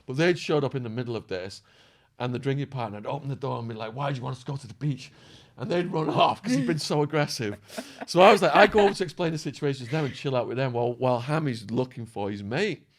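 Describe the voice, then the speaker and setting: Man, podcast guest, animated storyteller, acts out quotes, swears. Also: mid-range voice, quick pace, hardly any pauses. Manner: quotes people in acted voices, swears, laughs while telling.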